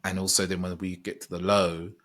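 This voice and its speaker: A man's voice: low-pitched, little pitch movement, a little fast, a bit bright. A man speaking as a podcast guest, thoughtful and meandering, often restarting his sentences as he reflects. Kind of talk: reflective conversational chat.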